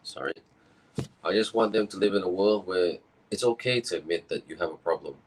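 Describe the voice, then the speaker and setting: A man from Malaysia with a croaky, tired voice, giving an earnest, rambling personal talk from home. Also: low voice, a little fast, noisy background. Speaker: event speaker. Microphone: own camera and microphone setup.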